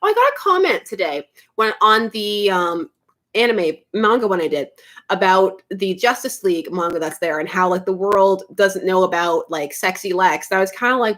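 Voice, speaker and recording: Lively giggly woman streamer. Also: medium pitch, normal speed. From Canada. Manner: animated, giggly, chatty with viewers. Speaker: comics livestream host. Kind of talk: casual livestream chat.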